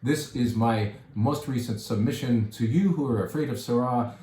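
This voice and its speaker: A man's voice: medium pitch, moderate pace, mellow, a little hiss or hum. A man, a wine shop steward, tasting and describing wines in a casual, enthusiastic way, savoring each sip with murmurs. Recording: echoey room.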